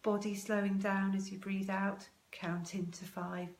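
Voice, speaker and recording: A woman giving parents advice in a live video talk, calm, slow and measured, pausing with many ums as she guides a breathing exercise. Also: medium pitch. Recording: echoey room.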